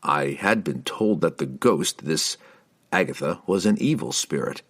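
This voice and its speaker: A man voicing a composed elf warrior who speaks calmly and courteously. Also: low voice, unhurried, exaggerated voice. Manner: calm, courteous, old-fashioned phrasing. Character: calm, composed elf warrior, polite and measured.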